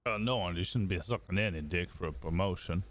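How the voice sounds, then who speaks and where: A man with a fairly low voice role-plays a police sergeant in a game session. He talks in a stern, lecturing tone and lays down the rules firmly. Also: quick pace, fairly bright tone, no echo, studio quality. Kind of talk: role-play game chat.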